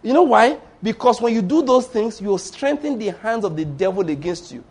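A man preaching a sermon, animated and acting out the voices of people in his stories. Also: high voice, normal speed, slightly rough. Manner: animated, acts out voices of Satan and church members.

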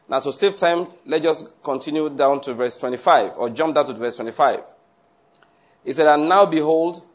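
A man preaching a Bible-study sermon, reading scripture aloud and earnestly repeating his points for emphasis. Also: medium pitch. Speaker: pastor teaching a Bible study.

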